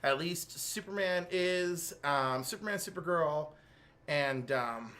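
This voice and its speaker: An American man co-hosting a show, animatedly recapping comics in casual chat and acting out character lines. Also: takes it slowly. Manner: animated storyteller, acts out character lines with big pitch jumps. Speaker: co-host.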